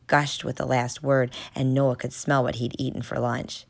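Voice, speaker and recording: Brief: woman storybook narrator, deep and gravelly, steady reading. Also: normal speed. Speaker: audiobook narrator.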